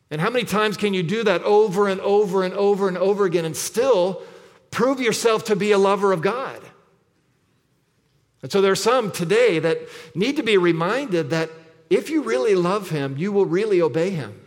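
A man's voice: high-pitched, normal speed. A man preaching a sermon as pastor, emphatic, repeating scripture and asking rhetorical questions. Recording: long reverb of a large hall.

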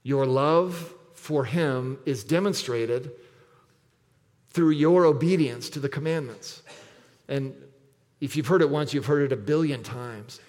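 A man's voice: mid-range voice, takes it slowly, darkish tone. A man preaching a sermon as pastor, emphatic, repeating scripture and asking rhetorical questions. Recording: long reverb of a large hall.

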